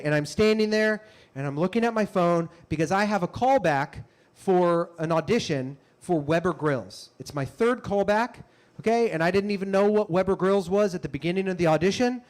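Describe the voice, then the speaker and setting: A young man telling a comic story on stage, animated and breaking into loud shouted bits. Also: high-pitched, moderate pace. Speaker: comedian. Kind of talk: stand-up storytelling.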